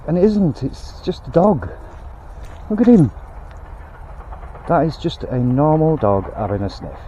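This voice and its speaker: A man's voice: fairly high pitch, very animated, unhurried, mellow, highs cut off, a little hiss or hum. A man vlogging outdoors on a canal towpath, ranting bluntly in a rambling way and swearing now and then. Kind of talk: casual rant while walking.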